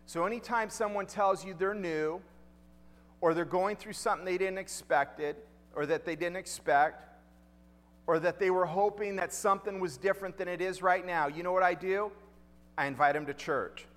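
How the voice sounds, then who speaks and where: A man's voice: high voice, normal speed, fairly bright tone, in a large hall. A male pastor preaching a sermon in a conversational way, asking the congregation questions and repeating key lines.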